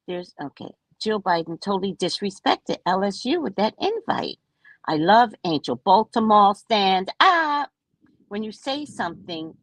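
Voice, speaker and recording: A woman talks casually to her live-stream viewers from home, reading their comments and answering them as she goes. Her voice is breathy and sweeps widely up and down in pitch. She speaks at an unhurried pace, close to the mic in a dry room. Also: dry recording, rough recording. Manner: chatty, reads and answers comments aloud. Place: at home by the kitchen table.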